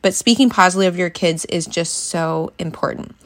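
A woman's voice: fairly low pitch, brisk. A woman, hosting a faith-based parenting podcast in an earnest, encouraging way. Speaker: podcast host.

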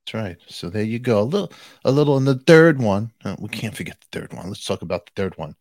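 Rapid-fire and on the low side, a man hosting his channel banters straight at the audience. He's animated and humorous, with no echo in the sound.

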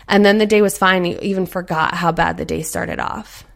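Chatty mom type, slightly low voice, talks mindset stuff, earnest, acts out her inner voice. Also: fairly even intonation, normal speed, gravelly, few pauses. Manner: earnest, encouraging. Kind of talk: casual motivational talk.

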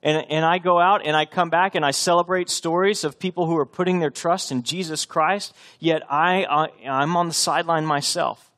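Texas pastor guy preaching, kinda high voice for a man, talks to the crowd like a friend. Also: steady tone, moderate pace. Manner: earnest, conversational preaching with bursts of coach-like shouting. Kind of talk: sermon.

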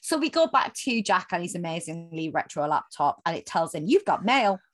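A woman's voice: fairly low pitch, big pitch swings, fairly quick, no echo. A woman co-hosting a podcast, recapping a show in casual, sweary, jokey chat and acting out the characters' lines. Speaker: podcast co-host.

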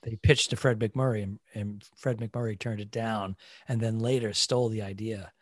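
Deadpan man riffing on a comedy podcast. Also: on the low side, normal speed, no echo, clean studio sound. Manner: deadpan, riffing on jokes with mock seriousness. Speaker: podcast co-host. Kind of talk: casual comedy podcast chat.

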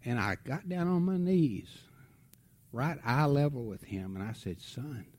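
A middle-aged man preaching, telling a family story with lively swings from loud outbursts to hushed tones. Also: medium pitch, a little slow. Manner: animated storytelling, drops to a hush for tender moments. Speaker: pastor. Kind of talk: sermon storytelling.

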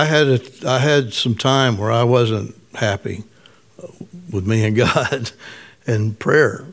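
Middle-aged male pastor, slightly raspy, conversational storytelling sermon, mid-pitched. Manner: conversational, storytelling, asks congregation questions.

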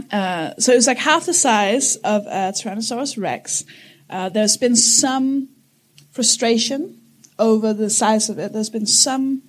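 A woman's voice: on the high side, a little slow. A woman in her thirties co-hosting a casual chat podcast, rambling and giggling as she explains things. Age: 30s. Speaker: podcast co-host.

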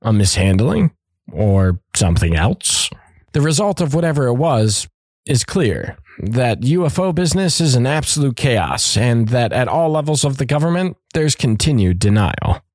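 A man's voice: mid-range voice, sing-song, normal speed, darkish tone, no room sound, clean studio sound. A man hosting a podcast who reads out a story in a casual way, with asides and joking and some swearing. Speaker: podcast host.

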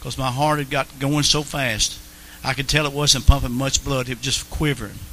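A man's voice: mid-range voice, steady tone, moderate pace, a bit bright, slight background noise, low-quality recording. A man telling his personal faith testimony in an earnest way, repeating phrases for emphasis. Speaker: Christian testimony speaker.

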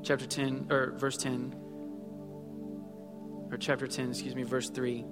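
A man's voice: mid-range voice, completely flat delivery, unhurried, pauses often. A man in his thirties preaching a sermon in a conversational way, acting out little quotes as he goes. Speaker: pastor. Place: church sanctuary. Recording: long hall reverb with faint music.

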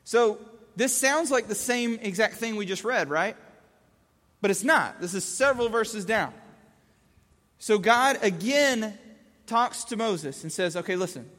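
A man's voice: sits high, expressive, unhurried, long pauses, a bit bright, long reverb tail. A man giving a conversational Bible teaching, casual, asking rhetorical questions and restating verses in plain words.

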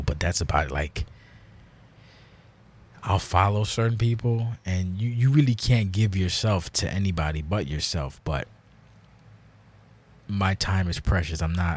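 A man's voice: low-pitched, slightly rough. A man hosting a casual solo podcast monologue, rambling and blunt with heavy swearing, grouchy in tone. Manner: self-described grouchy, blunt. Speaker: podcast host.

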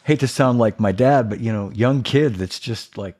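A man's voice: medium pitch, darkish tone. Eager man chatting about drumming. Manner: eager, agreeable, halting starts. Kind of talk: casual conversation.

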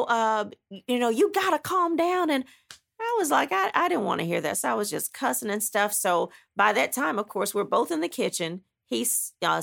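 Gravelly-voiced woman telling a dramatic story. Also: on the low side, fairly bright tone. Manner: dramatic, blunt, emphatic retelling with frequent asides. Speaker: author recounting her own story. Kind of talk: animated personal storytelling.

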